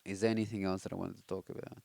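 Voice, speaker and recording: A man's voice: low-pitched, little pitch movement, racing, vocal fry, dark tone, no echo. A young man talking reflectively on a late-night personal vlog, rambling with many fillers and restarts, his throat itchy and tired. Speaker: vlogger.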